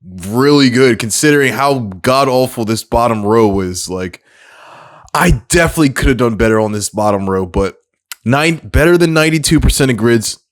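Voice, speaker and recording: A man talking casually to himself while playing a sports trivia game, thinking aloud, mocking his own mistakes and breaking into excited exclamations. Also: medium pitch, moderate pace. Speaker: gaming creator. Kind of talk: casual gameplay commentary.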